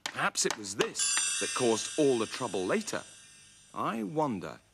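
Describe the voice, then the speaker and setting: A man's voice: mid-range voice, big pitch swings, unhurried, creaky. A man tells a children's puppet story, his mid-height voice rising and falling very expressively. He sounds wry and storybook-friendly. An old VHS tape hiss runs underneath. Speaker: storyteller presenter. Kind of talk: scripted storybook narration.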